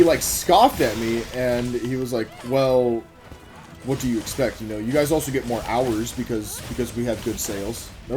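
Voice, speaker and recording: A man casually telling a story about his job while playing a game, rambling, swearing and making quick asides to the game, and getting over a cough. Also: medium pitch. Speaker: gaming vlogger telling a work story. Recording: music playing under the voice. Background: music.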